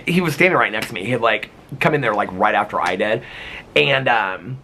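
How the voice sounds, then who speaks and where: A man's voice: lowish voice, animated, moderate pace, bright, forceful tone, slight background noise. A man vlogging casually to camera, telling a chatty, gossipy story full of "like" and quoted dialogue.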